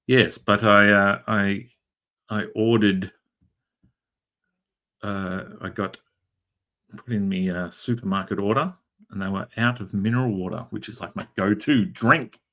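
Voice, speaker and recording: Rambling, jokey Australian man, low voice. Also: bright, forceful tone. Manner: rambling, jokey storytelling with frequent fillers. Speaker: streamer. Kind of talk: casual chat while drawing. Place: converted garage room.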